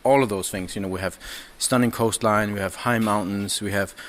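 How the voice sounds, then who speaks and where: A man, a podcast guest chatting casually and haltingly, with many restarts and fillers. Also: lowish voice, steady tone. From Denmark. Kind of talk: casual chat. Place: indoors, over drinks.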